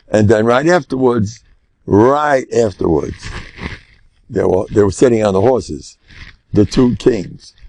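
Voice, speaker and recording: An older man, a rabbi, teaching a lesson through lively storytelling, with Hebrew and Yiddish words mixed in. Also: fairly low pitch, vocal fry, no echo.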